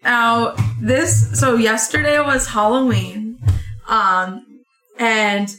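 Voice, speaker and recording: A woman's voice: a little high, extremely slow, soft background music. A young woman telling a rambling work story in a casual chat, full of "like"s. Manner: rambling, animated anecdote with many "like"s. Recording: echoey room.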